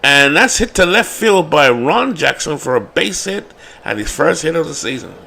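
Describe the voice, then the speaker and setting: A man with a London accent doing play-by-play commentary on a replayed baseball game, building to excited calls on big hits. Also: on the high side, moderate pace, creaky, slight background noise. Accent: London English. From England.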